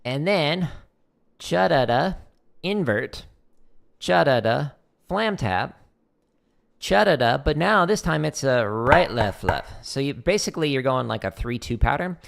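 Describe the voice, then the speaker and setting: This drum instructor has a medium-pitched, sing-song voice with vocal fry and a fairly bright tone, moving at a moderate pace with few pauses. Streaming from a home practice room, he counts rudiment patterns into a desk mic in a chatty, loose way, dropping "like" frequently.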